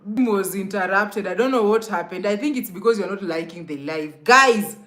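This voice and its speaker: A woman's voice: medium pitch, moderate pace, a bit bright. A young Kenyan woman chatting casually on a live stream, greeting commenters by name and laughing often.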